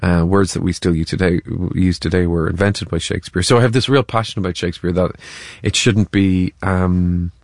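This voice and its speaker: Deep-voiced man, halting and thoughtful. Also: fairly even intonation, no room sound, studio quality. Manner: stammering restarts, thoughtful, laughs easily. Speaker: actor, interview guest. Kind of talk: reflective interview talk.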